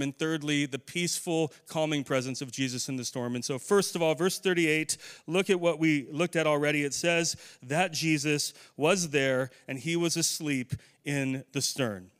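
A man's voice: fairly high pitch, fairly bright tone, clean tone. A middle-aged man preaching a conversational sermon, putting questions to his congregation. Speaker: pastor.

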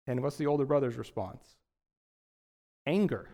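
A young male pastor preaching in a relaxed, conversational style, throwing out rhetorical questions as he goes. His voice sits high for a man and moves through a wide, lively range. He mixes casual asides with scripture. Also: moderate pace. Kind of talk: sermon.

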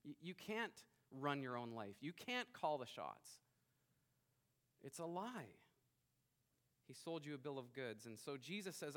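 A man in his thirties preaching a sermon as pastor, emphatic, rising to loud bursts and dropping quiet. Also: mid-range voice, sing-song, a little slow, long pauses.

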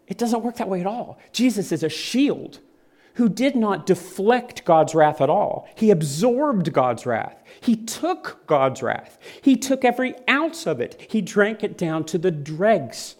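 A man's voice: high voice, very animated, measured pace, darkish tone. A man preaching a sermon in an earnest, vivid manner, often repeating phrases for weight.

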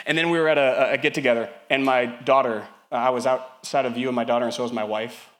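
Young guy pastor preaching, gets loud and high then drops real soft, really fired up, man. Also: steady tone, quick pace, few pauses. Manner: impassioned, swinging from loud calls to hushed tender passages. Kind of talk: sermon.

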